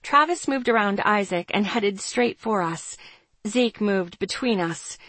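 A woman narrates a first-person novel in a steady, plain manner, at a middle pitch for a woman. The sound is dry and close to the mic, with no room around it. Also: a little slow, no echo. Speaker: audiobook narrator.

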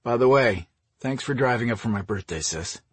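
A man voicing a gruff, weary brother. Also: medium pitch, expressive, moderate pace, no room sound. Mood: grateful. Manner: dry, muttering. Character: weary grown brother, former airman, gruff.

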